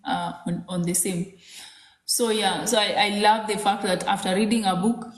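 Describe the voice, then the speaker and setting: A woman's voice: medium pitch, reverberant. A woman in her thirties from Kenya, co-hosting a casual parenting chat, rambling with many fillers. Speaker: podcast co-host.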